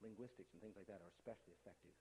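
A man giving a lively talk to a young audience, chummy and animated, speaking straight to them with quick asides. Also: sits low, big-room sound, a little hiss or hum, poor audio.

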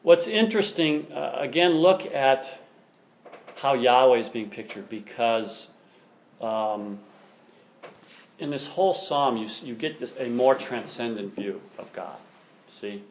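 A man's voice: medium pitch, unhurried, long pauses, slight background noise. A man teaching a class, reading passages aloud and explaining them with open enthusiasm. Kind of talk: classroom lecture on a text.

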